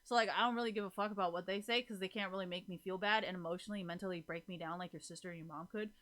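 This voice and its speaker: Bright-voiced woman streamer, swearing freely. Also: on the low side, steady tone, rapid-fire. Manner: rambling, heavy swearing, frequent laughter. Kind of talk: casual chat to viewers.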